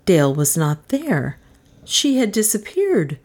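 A woman reading a mystery novel aloud, expressive and rising in pitch at tense moments. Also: takes it slowly. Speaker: audiobook narrator. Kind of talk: dramatic audiobook narration.

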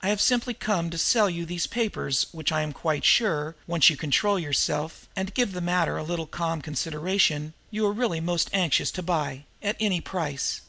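A man reading an audiobook, voicing a cool, debonair young gentleman thief who speaks wearily and with dry politeness. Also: fairly high pitch, gravelly, full character voice. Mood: weary. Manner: weary, unhurried, drily polite. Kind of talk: audiobook character voice.

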